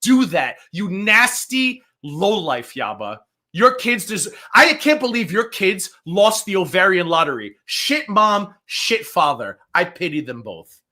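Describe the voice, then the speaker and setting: A woman on a livestream rants in a fired-up, furious way, swearing hard and repeating herself for emphasis. Her voice is bright and sharp, and her pitch leaps up and down. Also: very animated, a little slow. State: angry and fired up. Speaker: streamer co-host. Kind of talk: heated livestream rant.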